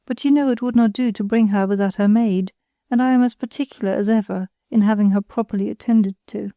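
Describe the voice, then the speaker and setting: A woman's voice: mid-range voice, fairly quick, dark tone, dry recording, highs cut off, close to an everyday voice. A woman reading the part of a fussy, particular older mother.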